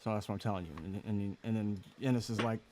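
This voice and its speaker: A man's voice: fairly low pitch, steady tone, fast talker, background noise. A man hosting a casual comedy chat, telling stories and laughing often. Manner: chatty storyteller, laughs often.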